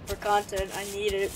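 A woman giving casual gameplay commentary as a gaming channel host, excitable and slangy, shouting and laughing as the action unfolds. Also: mid-range voice, gravelly, a little hiss or hum. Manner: slangy, calls others bro.

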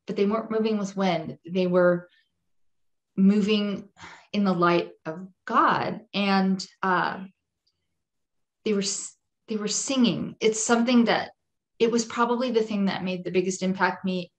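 A woman's voice: mid-range voice, measured pace. A woman guest on a podcast, telling a personal testimony in an earnest, vivid way and repeating phrases for emphasis. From Jewish home.

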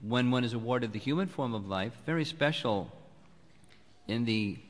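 A man gives a temple lecture at a mid-range pitch, his calm, unhurried words carrying a long reverb that hangs in a large hall. His delivery is measured and reflective, like a teacher working through scripture with a congregation. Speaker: spiritual teacher giving a lecture. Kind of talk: sermon.

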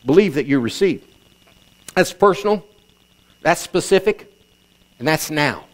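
A man's voice: a little high, animated, unhurried. A middle-aged man preaching a sermon, reading scripture and driving points home by repeating them. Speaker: pastor.

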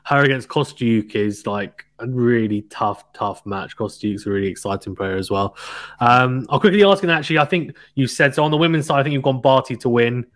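A man hosts a relaxed tennis conversation, talking in a lively, chatty way and often breaking into laughter. His voice sits at an ordinary middle pitch. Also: brisk. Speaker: tennis podcast host. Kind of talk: casual chat with a guest.

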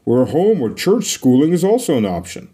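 A man's voice: medium pitch, huge pitch swings, moderate pace, warm tone, breathy edge. A man, a guest documentary filmmaker, delivering a prepared message as an emphatic string of rhetorical questions.

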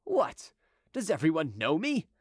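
A sharp-tongued envoy in his middle years, quick to anger and dripping with sarcasm, as a man reads him in an audiobook. The voice sits high and swings widely. The sound is close and dry. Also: big pitch swings, dry recording. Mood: exasperated. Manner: exasperated, sardonic. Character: cunning middle-aged male royal envoy, quick-tempered.

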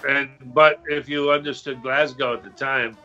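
An older man, a voice actor, telling relaxed interview stories and slipping into accents now and then. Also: mid-range voice, normal speed, muffled recording, faint music behind. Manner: relaxed storyteller who slips into accents. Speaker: voice actor guest. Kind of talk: interview anecdotes.

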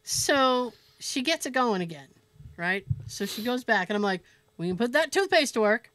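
A woman co-hosting a podcast, telling a story in an animated, profane way and laughing as she goes. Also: on the high side, moderate pace, no echo. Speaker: podcast co-host. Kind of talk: casual storytelling chat.

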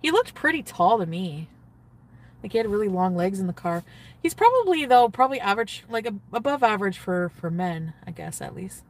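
A woman's voice: medium pitch, big pitch swings, a little fast, far from the mic. A woman talks casually on a phone livestream from inside a parked car. She is giddy and gushing, and she keeps answering her chat between sighs and laughs.

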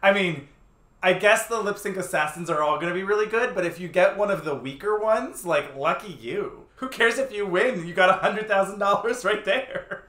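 A woman co-hosting a casual review podcast, upbeat and quick to laugh, also reading sponsor and support plugs. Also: mid-range voice, a bit bright, echoey room. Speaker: podcast co-host. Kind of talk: casual chat and sponsor reads.

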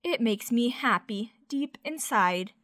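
Woman reading as a bumbling, good-natured big bear for a storybook, bright and high, slow and lively. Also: no echo, clean studio sound. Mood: cheerful.

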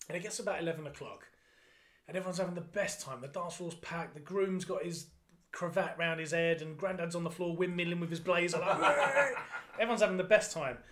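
A young man, a drummer in a function band, telling funny wedding stories in casual podcast chat, swearing freely and acting out the people in them. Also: fairly high pitch. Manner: animated anecdotes, swearing, acting out voices.

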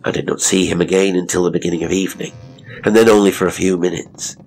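A man narrates a classic horror story in a measured, dramatic way. His voice sits very low and has a gravelly texture. Faint noise runs underneath. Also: steady tone, a little mellow.

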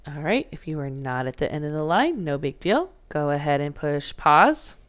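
A woman's voice: sits low, big pitch swings, normal speed. A woman teaching a phonics lesson to young children, patiently sounding out letters and words.

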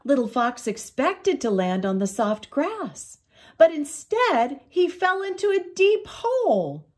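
An older woman reads a children's storybook aloud at a slow, gentle pace. Her voice rises and falls widely as she tells it, sitting a little high for a woman. The reading is unhurried and expressive, made for small listeners.

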